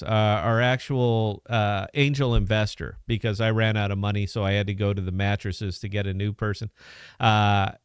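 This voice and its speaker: Smooth-voiced man hosting a podcast. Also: on the low side, no room sound, clean studio sound. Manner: loose, profane, instructional. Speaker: podcast host. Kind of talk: casual podcast chat, demoing an app.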